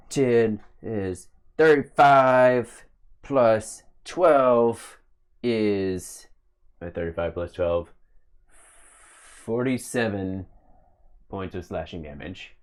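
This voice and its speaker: A man playing a tabletop game, animated and thinking out loud while he adds up numbers. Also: lowish voice, clean tone. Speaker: player. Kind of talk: casual tabletop game play.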